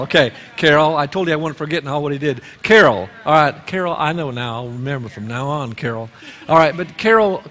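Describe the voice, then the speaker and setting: A male pastor preaching at a church service, calling on the congregation to answer back. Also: fairly high pitch. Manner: lively call-and-response preaching. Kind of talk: sermon. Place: church sanctuary. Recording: long reverb of a church hall.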